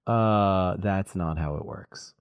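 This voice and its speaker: A man's voice: sits low, slow pace, smooth, muffled recording. A man guesting on a podcast, telling lore and cracking playful jokes in casual chat. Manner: joking, playful storytelling.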